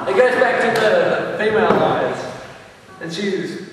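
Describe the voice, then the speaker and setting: Stand-up comic, male, higher register, acts out characters; distant live-hall sound with long reverb. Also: unhurried. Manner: acts out voices, animated storytelling. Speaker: stand-up comedian. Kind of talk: stand-up comedy. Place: large hall on stage. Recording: echoey hall, distant mic, faint hiss.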